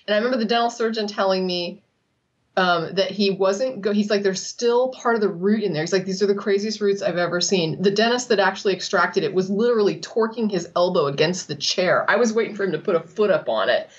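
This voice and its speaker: A woman's voice: mid-range voice, fairly quick. A woman co-hosting a casual chat, telling stories animatedly, laughing often and acting out what others said. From Texas. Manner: animated storyteller, laughs often, acts out quotes. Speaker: co-host. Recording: slightly dull lo-fi audio.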